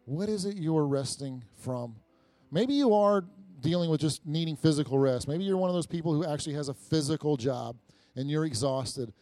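A male pastor in middle age delivers a relaxed, story-driven sermon, often restarting and repeating his words as he goes. His voice sits a bit high for a man. It is recorded close and dry, with almost no room echo. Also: normal speed, faint music behind. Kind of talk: conversational sermon.

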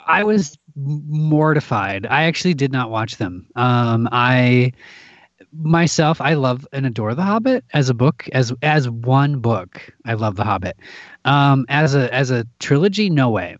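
A male actor and audiobook narrator talks casually on a podcast. His voice leaps around in pitch and breaks into laughter often. The recording is dry and a little dull. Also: lively intonation, a little slow, no room sound. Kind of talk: casual conversation.

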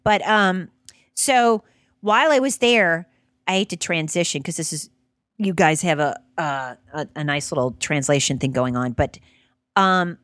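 A woman comedian in casual chat who giggles a lot and pauses often. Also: low voice, a bit bright, no echo, studio quality. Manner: giggly, halting, many fillers. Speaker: comedian guest. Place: hotel room.

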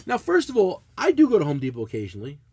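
A middle-aged podcast co-host tells a profane, blunt story in casual chat, animated and swearing as he rants. His voice sits high with a breathy edge, delivered rapid-fire.

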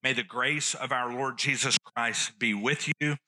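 A man's voice: mid-range voice, steady tone, unhurried, bright, forceful tone, a little hiss or hum. A man preaching a sermon, teaching earnestly and repeating key phrases for emphasis. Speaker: pastor.

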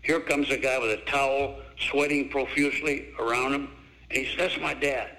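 This rough recording captures a former basketball coach, now an older man, telling stories briskly in a mid-range voice during an interview. He brings the tales to life by acting out the people in them and performing their quoted words.

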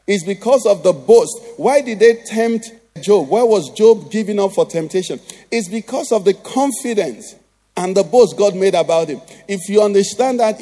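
Nigerian pastor guy preaching, highish mellow voice, keeps asking "what?" back at the crowd. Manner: preaches with rhetorical call-and-response questions. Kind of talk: sermon.

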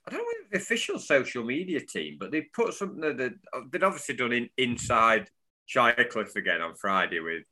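Lively bright-voiced chatty man. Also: medium pitch, fairly quick. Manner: chatty, laughing as he talks, playful. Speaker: podcast co-host. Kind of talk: casual football fan chat.

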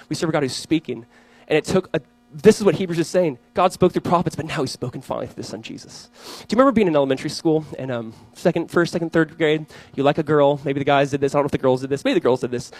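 A young man delivers a sermon at a quick clip, his voice sitting a bit high. He slips into animated storytelling, acting out the voices in his anecdotes. The recording is close and dry, with almost no room sound. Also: no room sound, low-quality recording. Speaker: pastor.

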